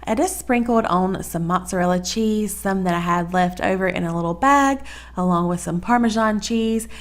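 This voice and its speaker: Southern woman, home-cooking host, chatty and folksy, mid-pitched, casual kitchen tutorial. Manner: chatty, folksy, addresses viewers as y'all.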